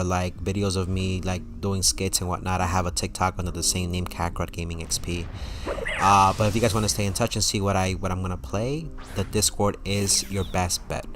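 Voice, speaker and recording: Chatty male streamer, low voice. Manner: chatty, laughs often, talks to chat. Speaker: gaming streamer. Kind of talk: casual live-stream chat.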